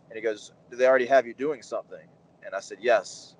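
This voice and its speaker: A man in his thirties, a wrestler as interview guest, telling animated stories and acting out the dialogue with lots of fillers. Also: fairly low pitch, quick pace, slight background noise, low-quality recording. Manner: animated anecdotes, acts out quoted dialogue, many fillers. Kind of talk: casual storytelling interview.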